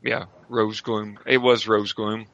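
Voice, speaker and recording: A man's voice: lowish voice, level tone, takes it slowly, gravelly, fairly bright tone, muffled recording. A man running a tabletop horror game as game master, talking in a rambling way and often stopping to search for names.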